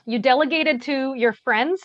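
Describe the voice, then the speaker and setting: A woman calmly explaining how to handle tense situations, often checking in with "right?". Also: sits high, measured pace, dry recording. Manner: calm, explanatory, many "right?" tags. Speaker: bystander intervention trainer. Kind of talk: workshop discussion, answering questions. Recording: dry, dull lo-fi sound.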